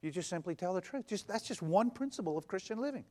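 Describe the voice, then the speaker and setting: A pastor preaching a conversational sermon, stacking emphatic, repeated phrases and acting out what people say. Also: male voice, high voice, animated, quick pace, mellow. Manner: repetitive, emphatic build-ups.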